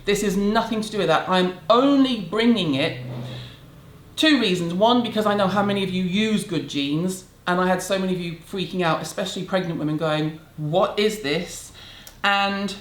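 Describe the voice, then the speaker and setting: A middle-aged British woman vlogging in a blunt, sarcastic rant, her voice neither high nor low. She stresses her points hard and talks straight at the viewer. The room around her echoes. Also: normal speed, slight background noise. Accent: British English. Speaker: beauty vlogger. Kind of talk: casual rant to camera. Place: home room in a city. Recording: roomy echo.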